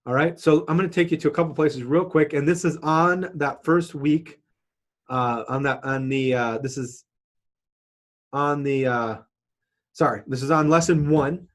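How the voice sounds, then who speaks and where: A man's voice: on the high side, unhurried. A man teaching an online marketing course lesson, talking casually with fillers and restarts, sharing his screen. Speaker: marketing instructor.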